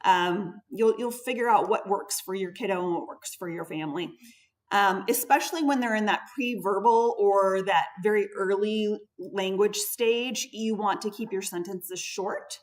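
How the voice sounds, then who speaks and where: A woman's voice: medium pitch, normal speed. A woman speech therapist giving a patient, explanatory conference presentation, stressing key words as she goes. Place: conference room. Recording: voice picked up from a distance.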